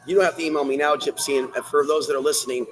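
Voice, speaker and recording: A man hosting a solo livestream, rambling in a ranty way and speaking straight to viewers and the chat, swinging from loud bursts to low muttering. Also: steady tone, fast, faint music behind, low-quality recording. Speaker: livestream host.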